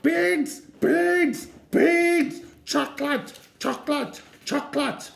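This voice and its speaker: A man's voice: very high-pitched, slow pace, gravelly, echoey room, pitched above the performer's own voice, exaggerated voice. A man voicing a screaming, demanding toddler boy who shrieks and chants his wants over and over. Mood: screaming tantrum.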